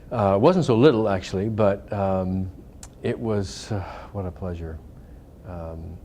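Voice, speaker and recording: A man's voice: sits low, warm tone, slight background noise. A middle-aged man, an actor talking casually and reflectively in an interview, with many fillers and restarts. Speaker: actor interviewed about a film.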